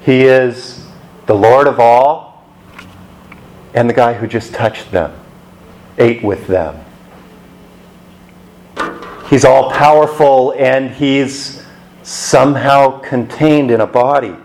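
A man's voice: mid-range voice, slow, long pauses, a little mellow, slight background noise, poor audio. A man preaching a sermon in a conversational way, asking rhetorical questions.

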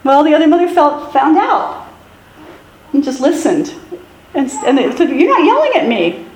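A woman pastor giving a sermon in a conversational, self-deprecating way with animated asides. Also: high-pitched, moderate pace, reverberant, poor audio.

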